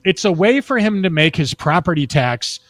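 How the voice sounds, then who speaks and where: A man from Texas, a talk show guest who tells long rambling anecdotes in a casual, animated way over a remote call from a high-rise apartment. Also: moderate pace.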